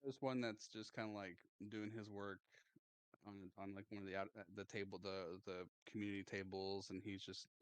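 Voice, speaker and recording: A man narrating as game master in casual, halting speech with lots of fillers. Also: lowish voice, little pitch movement, smooth, no echo.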